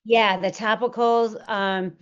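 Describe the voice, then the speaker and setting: A woman's voice: mid-range voice, steady tone, slow, clear, resonant tone. A woman being interviewed, telling her personal story earnestly, with many fillers and restarts. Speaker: interview guest. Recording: dull lo-fi audio.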